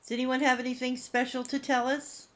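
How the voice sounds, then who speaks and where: A woman's voice: sits high, little pitch movement, fairly quick, fairly bright tone. Woman earnestly calling out to spirits. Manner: earnest, addresses spirits directly and affectionately. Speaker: paranormal investigator, host. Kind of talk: ghost box session, calling out to spirits.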